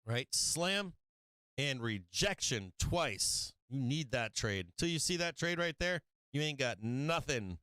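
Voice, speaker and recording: A brash man walking viewers through market charts on a live stream, excitable and quick to swear. His voice is smooth and resonant, medium in pitch. The sound is dry and close to the mic. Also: dry recording. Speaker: stock market show host.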